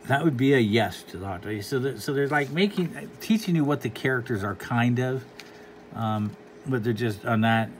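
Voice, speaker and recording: A man rambles loosely through a comic book in casual commentary, sounding dry and unimpressed. His ordinary mid-pitched voice has lively intonation and a normal speed. Faint background hiss runs beneath the recording.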